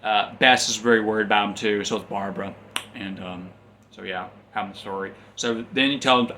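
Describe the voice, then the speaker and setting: A man's voice: lowish voice, fairly even intonation, normal speed, sharp tone, slight background noise. Rambling man recapping a comic. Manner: rambling, with frequent ums and restarts. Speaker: comic reviewer. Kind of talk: casual plot recap.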